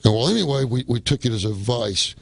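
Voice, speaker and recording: A man's voice: medium pitch, lively intonation, fairly quick, creaky, dry recording. Rambling man telling a story, dry sound. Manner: rambling, keeps saying "well, anyway". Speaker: radio show guest. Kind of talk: casual storytelling.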